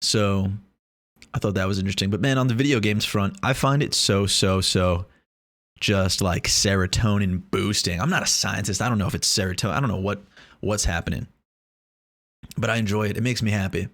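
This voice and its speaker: Man, vlogger, low-pitched, rambling, jokey, swears freely, casual chat to camera. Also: steady tone, brisk, fairly bright tone. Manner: rambling, joking, profane, many restarts.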